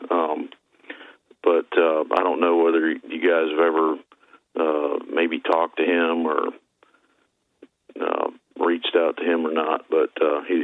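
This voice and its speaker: Male caller, halting and hesitant, very deep voice, phone-line sound. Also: no room sound. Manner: halting, many fillers and restarts. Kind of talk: phoning in to a talk show.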